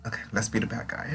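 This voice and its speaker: A man's voice: low voice, gravelly, fairly bright tone, husky. A man hosting a let's play, reading a visual novel aloud with giggly, joking reactions. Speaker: gaming channel host.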